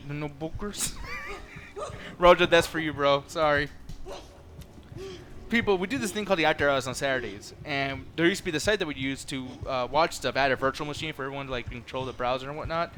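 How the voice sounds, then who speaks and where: A man's voice: medium pitch, fast, slight background noise. A man hosting a game stream, chatting casually and telling joking stories. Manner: animated, joking storyteller. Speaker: streamer host. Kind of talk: casual chat while gaming.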